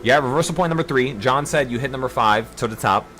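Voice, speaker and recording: A man's voice: mid-range voice, fast talker, bright, forceful tone, soft background music. A man leading a trading group, giving an intense, preachy livestream pep talk with profanity and a lot of repetition.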